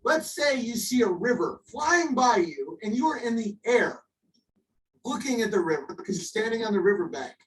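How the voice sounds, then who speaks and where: A man's voice: high voice, very animated, normal speed, a bit bright, far from the mic, rough recording. A tipsy young man ranting heatedly on a livestream, combative and profane, sounding exasperated. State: tipsy after a few drinks. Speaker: livestream host.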